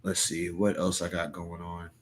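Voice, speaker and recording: On a live stream, a young man with a deep voice and completely flat delivery rambles at a normal speed through casual chat and comic read-alouds. He leans on lots of fillers, often restarting sentences and self-correcting.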